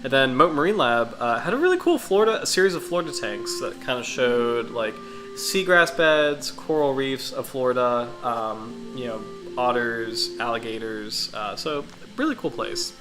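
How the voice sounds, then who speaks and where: A man's voice: mid-range voice, expressive, moderate pace, music in the background, rough recording. A congested, sniffly man hosting a casual livestream, rambling enthusiastically with many fillers and restarts. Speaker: livestream host.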